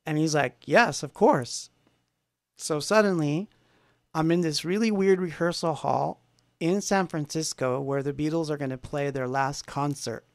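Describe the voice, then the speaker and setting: Guy rambling through a story in his home studio, kinda high voice, self-deprecating, dead dry sound. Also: no room sound. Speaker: musician hosting a livestream. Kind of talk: casual storytelling.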